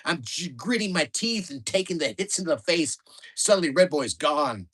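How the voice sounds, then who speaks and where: A man reading aloud from his own memoir with a wry, lively delivery that picks up speed at exciting moments. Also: a little high, moderate pace, husky. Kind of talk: storytelling book reading.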